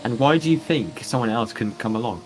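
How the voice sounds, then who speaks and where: A man's voice: mid-range voice, expressive, brisk, darkish tone, faint music behind, low-quality recording. A man, commentating a sim racing stream in a casual, joking manner. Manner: joking, playful, chatty with chat.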